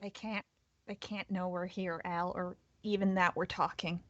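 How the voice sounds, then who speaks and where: A woman voicing a frightened, paranoid young woman in hiding, in hushed, urgent whispered role-play. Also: fairly low pitch, flat delivery, racing, lo-fi sound, background noise, lightly acted.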